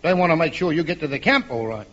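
A wily, wheedling agent. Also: male voice, a little high, animated, a bit bright. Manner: fast-talking, wheedling, chummy. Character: wily, scheming male talent agent, smooth-talking. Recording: dull old radio recording with faint hiss.

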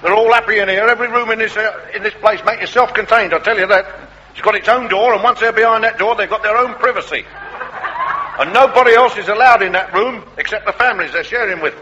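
An actor playing a cocky, argumentative landlord in a comedy sketch, talking in a cheeky, needling way. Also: male voice, high voice, fast, muffled recording, background noise, natural voice. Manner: cheeky, argumentative, calls everyone mate. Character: cocky working-class male London slum landlord, cheeky and argumentative.

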